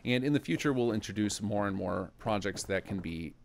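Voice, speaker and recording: A man with a gravelly, fry-laden voice that sits a little low, explaining game features in an easygoing, talk-as-you-go way. He is the mod's developer narrating a screen-recorded tutorial, pausing and correcting himself as he navigates menus. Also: lively intonation, slight background noise. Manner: casual, explanatory, thinking aloud.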